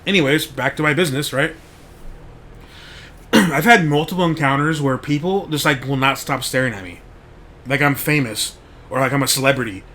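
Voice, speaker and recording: A podcast host with a medium-pitched, pushed and bright voice speaks at normal speed and pauses often, over a little hiss or hum. He rambles through a casual story, full of "like" and frequent swearing.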